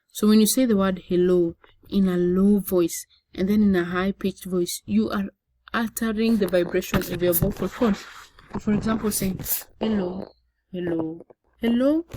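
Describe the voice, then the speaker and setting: A woman's voice: mid-range voice, a little mellow, rough recording. A young adult woman teaching a lecture-style lesson, often repeating words and checking in with "okay?". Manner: repetitive, frequent "okay?" check-ins. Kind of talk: explanatory classroom lecture.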